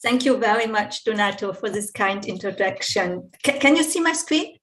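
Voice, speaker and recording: A woman's voice: medium pitch, lively intonation, moderate pace, crowd noise. A woman giving a conference presentation, speaking in an orderly, formal and fluent way. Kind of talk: prepared presentation. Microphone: video call.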